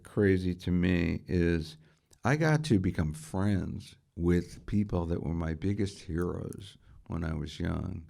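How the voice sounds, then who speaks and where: A middle-aged guitarist and music writer speaks in a low-pitched, dark voice with vocal fry. As a guest in a conversational interview, he tells enthusiastic stories and asks rhetorical questions.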